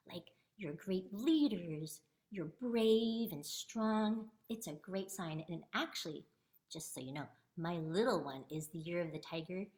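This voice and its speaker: A woman author teaching children a language lesson and reading her book, drawing out words slowly so they can follow. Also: mid-range voice, echoey room. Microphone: video call.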